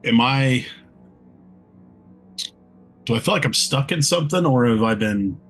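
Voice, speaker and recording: A man's voice: medium pitch, lively intonation, a little slow. A man playing a tabletop game, talking hesitantly and thinking aloud about his character's moves, over faint music. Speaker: player.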